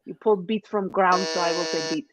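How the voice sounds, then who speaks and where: A woman playing a deadpan Siberian woman with a put-on Russian accent and broken English, in a live improv sketch. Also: lowish voice, brisk, background noise, natural voice. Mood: pondering. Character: blunt Siberian woman haunted by the gulag. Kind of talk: live online improv comedy.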